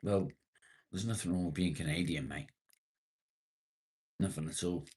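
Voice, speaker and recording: A British man with a deep voice hosts a casual live stream at an unhurried pace. He chats with viewers and reads their comments aloud in a relaxed, conversational way, swearing casually.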